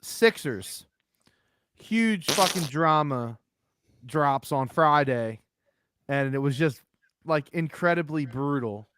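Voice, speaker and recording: A man's voice: fairly high pitch, expressive, slow, pauses often, fairly bright tone, clear, resonant tone. A man co-hosting a sports podcast, chatting casually, laughing and swearing freely. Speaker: podcast co-host.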